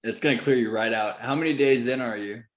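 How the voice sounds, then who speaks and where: A young man talks in a loose, slangy way full of fillers during a casual podcast chat. His voice is medium in pitch and bounces around an echoey room. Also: fast talker. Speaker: podcast co-host.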